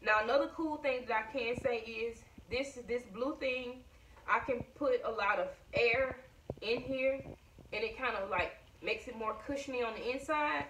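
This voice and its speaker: A woman's voice: on the high side, moderate pace, a bit bright, rough recording. Woman vlogger, chatty and winded, talking to camera at home, faint background hiss. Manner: chatty, addresses viewers as y'all. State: short of breath. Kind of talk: casual chat to viewers. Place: at home indoors.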